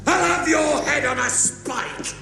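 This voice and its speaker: A man voicing a gruff, menacing medieval warlord, growling his threats. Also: extremely high pitch, takes it slowly, sharp tone, reverberant, soft background music, heavily acted.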